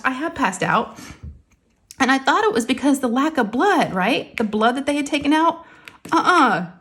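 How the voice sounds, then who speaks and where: A woman's voice: sits high, moderate pace. A woman, casually telling a story to her viewers and acting out the quotes. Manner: animated, acts out quotes, addresses viewers as "y'all". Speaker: crafting vlogger.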